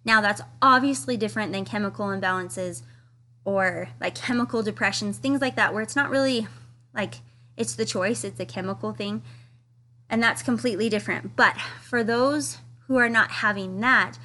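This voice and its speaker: A woman's voice: mid-range voice, normal speed, pushed and bright. A woman giving a casual, earnest devotional study talk, reading quotes aloud with enthusiasm. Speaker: scripture study teacher.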